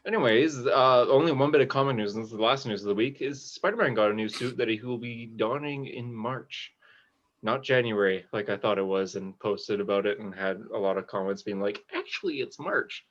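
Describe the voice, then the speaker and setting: Relaxed man hosting a podcast, lo-fi audio. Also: on the low side, fairly quick. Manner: relaxed, newsy, rambling with fillers. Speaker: podcast host. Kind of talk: casual podcast chat.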